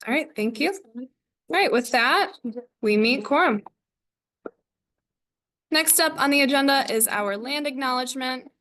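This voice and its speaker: A woman chairing a student government meeting, reading the agenda and roll call in a brisk, scripted way. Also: high-pitched, bright, forceful tone, a little hiss or hum.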